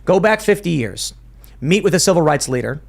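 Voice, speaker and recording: A man hosts a political discussion show and argues his points at length, doubling back on his words as he reasons aloud. His voice sits a little higher than most men's. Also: very animated, vocal fry. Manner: argumentative, thinks aloud with quick restarts. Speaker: podcast host.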